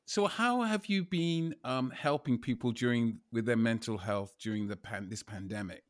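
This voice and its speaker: A man hosting a podcast, asking slow, thoughtful questions in casual conversation. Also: mid-range voice, no room sound, clean studio sound. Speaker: podcast host.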